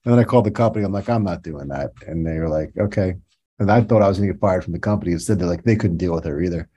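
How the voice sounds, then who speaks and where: A man as a podcast guest, telling stories in a relaxed way with laughs and fillers. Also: low-pitched, very fast, breathy edge, lo-fi sound. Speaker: podcast guest, toy designer. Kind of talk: casual interview.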